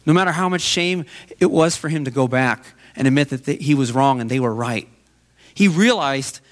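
A man's voice: on the high side, fairly bright tone. A man preaching a sermon as pastor, telling a story in an earnest way.

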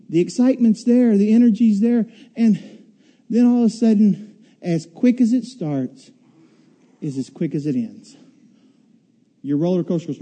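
Animated, bright-voiced man preaching. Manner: animated storytelling, acts out riders' shouts and screams; drops to a quiet, low delivery for the sermon point. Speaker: pastor. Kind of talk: sermon.

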